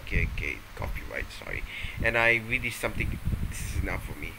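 A man's voice: mid-range voice, big pitch swings, quick pace, vocal fry, sharp tone, a little hiss or hum, poor audio. A man vlogging from home, rambling playfully and hesitantly, often restarting his sentences. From Malaysia. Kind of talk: casual rambling vlog.

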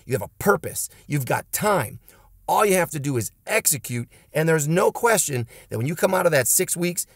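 A man's voice: medium pitch, no echo, studio quality. A man who teaches martial arts giving an emphatic, punchy motivational talk to camera. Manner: emphatic and punchy, with blunt pep-talk lines. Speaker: martial arts instructor and channel host.

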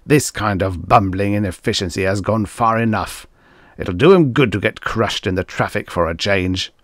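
A man voicing a chubby, bossy TV producer with a rumbling, petulant way of speaking. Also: moderate pace, a bit bright, dry recording, studio quality.

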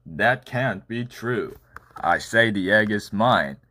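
A man voicing a boastful, stubborn rooster in a storybook, with a blustering, insistent delivery close to his own low voice. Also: expressive, slow, pushed and bright, exaggerated voice.

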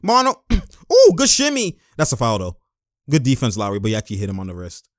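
A young man hosting casual game-watching commentary, animated and full of exclamations and laughter. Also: on the low side, fast talker, no echo, clean studio sound. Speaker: host.

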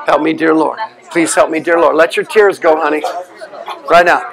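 A man leading a deliverance prayer, forceful and commanding, often shouting. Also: on the high side, steady tone, normal speed, gravelly, low-quality recording. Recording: crowd noise behind.

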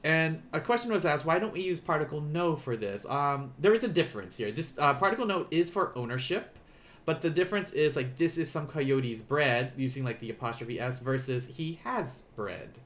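A man teaching a beginner Japanese lesson on a live stream, explaining in a relaxed, chatty way with many fillers and restarts. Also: fairly high pitch, moderate pace.

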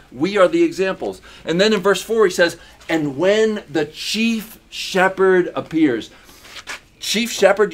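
A man preaching a sermon as pastor, emphatic, with repeated phrases and rhetorical questions. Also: high voice. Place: church in Uganda.

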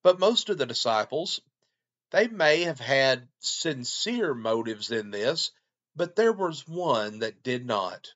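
Man, preacher, measured scripture reading, mid-pitched voice, slightly muffled audio. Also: big pitch swings, fairly bright tone. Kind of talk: short scripted Bible devotional.

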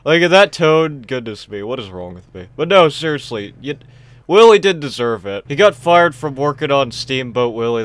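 A man's voice: medium pitch, a bit bright, clear, resonant tone. A young man giving chatty, joking let's play commentary and talking to the game characters. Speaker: gaming streamer.

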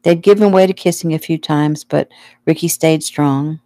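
A woman casually reading her own novel aloud at home, relaxed and unhurried. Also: low-pitched, no echo. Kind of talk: casual audiobook narration.

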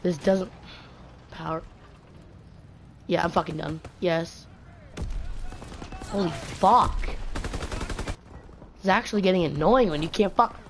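A woman with a lowish, vocal-fried voice live streams a game through a gaming headset mic, speaking slowly and pausing often over some background noise. She rants and swears in frustration at the other team and at her computer, complaining throughout.

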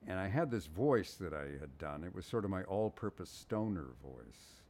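Deep-voiced older man telling a story. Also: normal speed, hardly any pauses, a little hiss or hum. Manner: animated storyteller, acts out quotes. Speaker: voice actor. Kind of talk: anecdotal storytelling.

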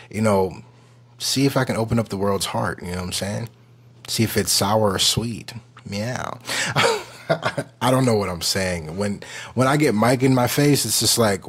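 A man's voice: sits low, breathy edge. A man hosting his vlog in casual, playful, rambling talk to the camera, enthusiastic about his gear, recorded on a wireless clip-on mic. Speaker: vlog host.

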